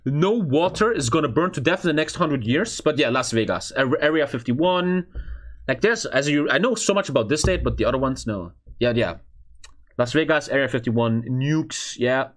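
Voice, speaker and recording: A man's voice: medium pitch, lively intonation, moderate pace. A European man streaming casual reaction commentary, blunt and profane, reading chat aloud as he thinks.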